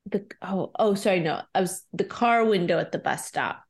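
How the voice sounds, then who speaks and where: A woman co-hosting a podcast in casual chat, talkative and quick to laugh, with lots of "like" fillers. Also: mid-range voice. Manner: chatty, laughs often, many "like" fillers. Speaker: podcast co-host discussing a TV episode.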